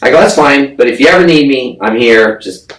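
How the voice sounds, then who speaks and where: Brisk and expressive, a man on a podcast recounts a story with casual profanity and blunt language, voicing the people he quotes. He sits in the mid range, and the audio is echoey, faintly noisy and picked up by a distant mic.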